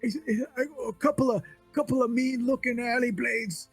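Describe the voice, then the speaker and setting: A man's voice: extremely high pitch, normal speed, creaky, faint music behind, voice pushed up. A man voicing a frightened, drunk unhoused sailor who stammers and pleads. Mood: shaken.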